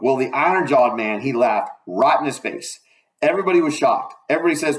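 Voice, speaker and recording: A man's voice: medium pitch, expressive, fairly quick, low-quality recording. Man reading a novel aloud, folksy. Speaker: audiobook reader.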